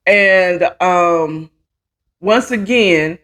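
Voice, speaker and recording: A woman's voice: fairly low pitch, drawn-out words, fairly bright tone. Outspoken woman host, rambling commentary. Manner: opinionated, rambling, with frequent restarts and asides. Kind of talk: casual commentary chat. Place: home, at a computer.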